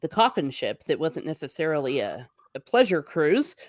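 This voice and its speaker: Lower-voiced woman hosting a dry-sounding chat. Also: big pitch swings, moderate pace, no echo. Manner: affirming, encouraging listener. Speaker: host. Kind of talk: casual conversational history chat. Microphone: video call.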